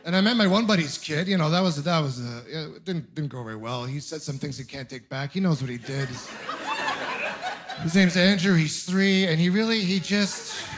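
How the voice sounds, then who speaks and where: Young male stand-up comic from Ontario, high-pitched and animated, on a club stage mic. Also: normal speed, some chatter behind. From Ontario, Canada. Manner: animated storytelling, playful and self-mocking. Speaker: stand-up comedian. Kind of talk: stand-up comedy set. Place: comedy club stage with laughing audience.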